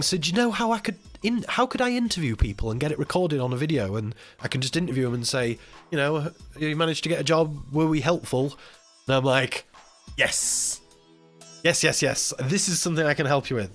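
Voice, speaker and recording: Male streamer, fairly high voice, rambling emotional storyteller, faint music under him. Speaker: live stream host. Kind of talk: casual chat.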